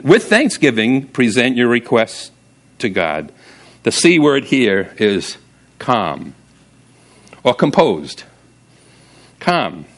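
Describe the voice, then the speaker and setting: Animated, casual male pastor preaching. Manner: casual, humorous storytelling with sudden high-pitched emphasis. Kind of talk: sermon.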